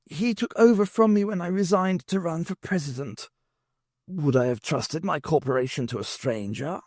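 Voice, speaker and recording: A man's voice: fairly high pitch, normal speed, a little mellow, no room sound, studio quality, pitched above the performer's own voice, lightly acted. A man voicing a wheezy, courtly old male president who turns stern when crossed, in a novel reading. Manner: courtly, turning sharply stern.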